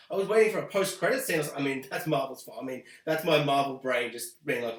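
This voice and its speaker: High-voiced sarcastic ranter. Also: male voice, fast. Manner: sarcastic, animated, mocking quoted voices. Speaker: host. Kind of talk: ranting video review. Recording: echoey room.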